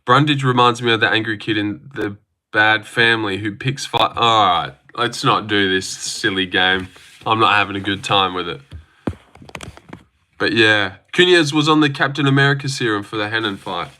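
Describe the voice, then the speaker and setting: A man's voice: on the low side, normal speed, sharp tone. A young Australian man hosting a livestream, chatting casually, joking and swearing as he reads out viewer comments. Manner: laid-back, joking, profane. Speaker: livestream host. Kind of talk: casual live chat reading comments.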